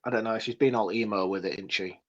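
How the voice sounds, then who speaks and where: A man's voice: lowish voice, fairly even intonation, fast, fairly bright tone, highs cut off. A man co-hosting a podcast, bantering bluntly and laughing often in casual chat. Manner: laughs a lot, jokey and blunt. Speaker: podcast co-host.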